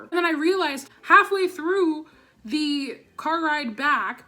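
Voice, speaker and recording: A teenage girl telling a storytime vlog with a high, bright voice. She rants with lots of swearing and leans on "like" between phrases. She talks into a camera or phone mic. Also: expressive, takes it slowly. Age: teens. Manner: profane, ranting, heavy "like" fillers. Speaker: vlogger.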